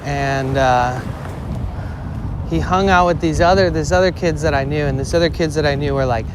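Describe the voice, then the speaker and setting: A man's voice: on the high side, normal speed. A young man streaming live, telling a story in a rambling, casual way, full of "like" fillers, swearing and short laughs. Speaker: IRL streamer. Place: outdoors in a city. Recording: outdoor street noise.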